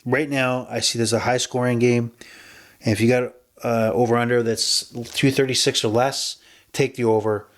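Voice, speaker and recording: A man talks through his sports betting picks as a podcast host, in a mid-pitched voice. He rambles casually and often stops to correct himself before pushing on with the next pick. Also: flat delivery, moderate pace. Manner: chatty and rambling, with self-corrections.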